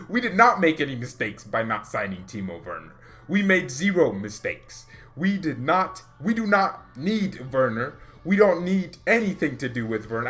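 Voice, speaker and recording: A man's voice: on the high side, a bit bright. A man hosting his own fan channel, ranting heatedly in a casual way with an exasperated manner and bursts of laughter. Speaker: football fan channel host.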